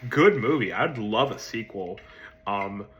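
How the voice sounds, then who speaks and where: A man giving a casual spoken film review, hesitant with many ums and restarts, swearing casually and jumping into excited emphasis. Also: a little slow. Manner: jumps to excited high-pitched emphasis.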